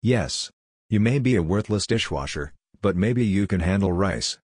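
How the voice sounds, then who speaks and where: A man's voice: sits low, lively intonation, moderate pace, a little mellow, slightly rough, dry recording, clean studio sound. A man voicing a curt, bossy male head chef who barks orders in a story reading.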